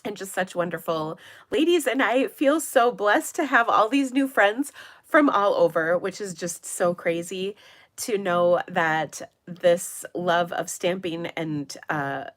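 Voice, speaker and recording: Congested woman chatting with a low voice. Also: expressive, takes it slowly, fairly bright tone. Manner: chatty, rambling, many fillers. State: congested, nasal from a cold. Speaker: papercraft channel host. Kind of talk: casual chat on a livestream.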